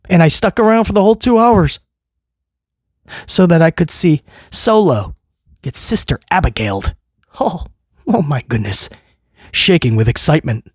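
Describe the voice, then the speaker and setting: A man's voice: high-pitched, dry recording. Male wrestling podcast host, sarcastic ranter, dry close sound. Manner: mocking, exasperated, sarcastic. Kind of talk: sarcastic ranting commentary.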